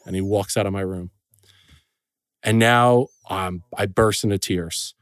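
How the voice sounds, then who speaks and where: A middle-aged man as a podcast guest, telling a personal story in an earnest, emotional way with frequent pauses and restarts. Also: fairly low pitch, fairly even intonation, smooth, no room sound, clean studio sound.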